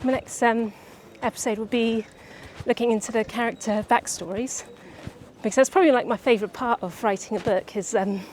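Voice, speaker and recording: A young woman writer chatting casually about her book outdoors by the seaside, a little out of breath and halting, with many restarts. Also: a little high, fairly even intonation, a little mellow, a little hiss or hum. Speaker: writer vlogger.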